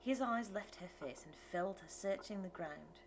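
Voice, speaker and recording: A woman's voice: mid-range voice, a little slow, a little hiss or hum, rough recording. Woman narrating an audiobook. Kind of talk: scripted narration.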